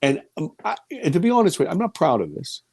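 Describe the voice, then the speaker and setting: A man in his fifties telling a personal story as an interview guest, animated and swinging between loud exclamations and hushed near-whispers. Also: on the high side, quick pace, creaky, slightly rough, no echo. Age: 50s.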